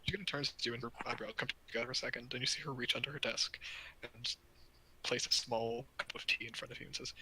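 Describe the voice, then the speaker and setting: A man's voice: mid-range voice, steady tone, fast talker, bright, forceful tone, slight background noise, low-quality recording. A man narrating a tabletop game as game master, in a casual, loose way full of fillers.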